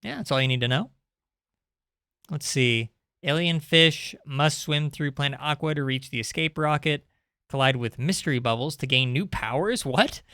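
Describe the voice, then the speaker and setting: A man's voice: fairly high pitch, normal speed, sharp tone, clear, resonant tone, no echo. A young man streaming indie games, chatting casually and sarcastically while reading the game's text aloud. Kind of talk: casual live-stream commentary.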